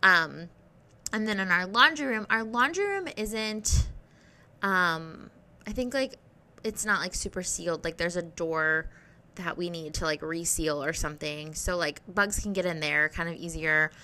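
Woman, young adult, bright voice, casual rambling vlog, sweary, chatty. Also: lowish voice, measured pace. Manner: sweary, rambling, animated storytelling. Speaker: vlogger.

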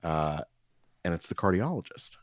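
A man co-hosting a podcast, telling a story in casual chat, animated and swearing as he acts out quotes. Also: sits low, normal speed, dry recording, highs cut off. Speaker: podcast co-host.

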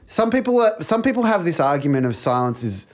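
A man's voice: a little high, sing-song, fairly quick. A man in casual podcast chat, agreeing readily and chiming in with short assents between his own points.

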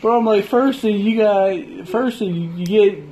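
A man hosting a casual podcast chat, swearing freely and retelling things with animated voices. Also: sits high, measured pace, rough recording. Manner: profane, animated storyteller. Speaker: podcast host.

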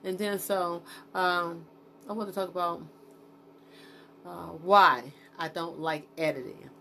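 A woman's voice: on the low side, fairly even intonation, slow, pushed and bright, a little hiss or hum. A woman podcasting alone, talking off the cuff in a rambling, frank and profane way, with many fillers and restarts, stopping to check her notes. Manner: talks to herself while checking her notes. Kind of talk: unscripted solo podcast monologue.

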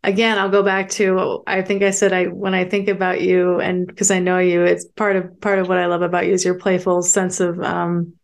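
A woman hosting a casual interview, affirming her guest with quick agreement and reactions. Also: on the low side, completely flat delivery, gravelly. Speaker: podcast host.

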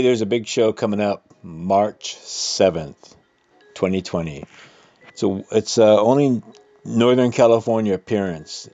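A man's voice: low voice, dark tone, no room sound, dull audio. A man with a cold giving casual, rambling radio announcements about upcoming shows, stopping now and then to correct himself. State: has a cold. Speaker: radio host reading community event announcements.

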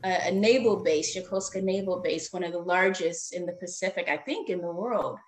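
A woman's voice: on the low side, fairly quick. Earnest mom guest, lots of ums, choked up, roomy echo on her voice. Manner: earnest, rambling with many fillers. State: tearful. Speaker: guest parent. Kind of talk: emotional podcast interview. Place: living in Japan.

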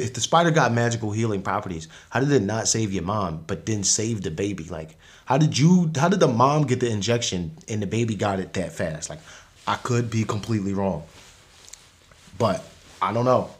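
A man's voice: on the low side, expressive, normal speed. A man hosting a podcast, recapping a movie in casual slang, rambling with frequent restarts and laughs. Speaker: podcast host.

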